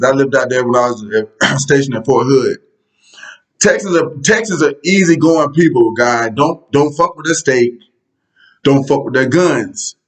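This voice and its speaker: A man's voice: mid-range voice, low-quality recording. A man giving a casual political rant straight to his viewers, blunt, profane and sarcastic in tone. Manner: conversational, addresses viewers directly. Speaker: political commentary vlogger.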